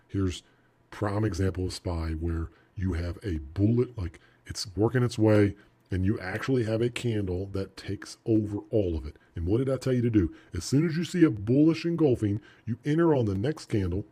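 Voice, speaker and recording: A man teaching a trading lesson over charts, animated and emphatic, talking straight to the viewer. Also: lowish voice, husky. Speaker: trading instructor.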